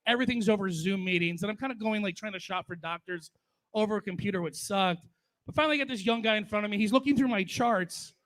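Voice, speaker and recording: A man's voice: high-pitched, fast, fairly bright tone. A man in his forties doing crude, profane stand-up storytelling at a memorial. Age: 40s. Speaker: stand-up comedian.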